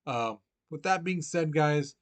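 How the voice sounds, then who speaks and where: A man's voice: a little high, expressive, measured pace. A man teaching a recorded history lesson in a casual, chatty way, full of "you know" and direct questions to his students.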